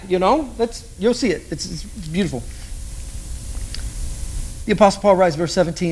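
A pastor with a noticeably high voice preaches a sermon at a moderate pace, keeping it loose and conversational, joking and repeatedly throwing rhetorical questions at his listeners.

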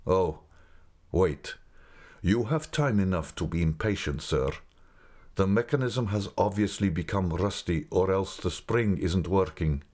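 A man doing a deep, grave, mournful guide. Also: a little mellow. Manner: slow, measured, mournful. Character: grave, secretive older male guide.

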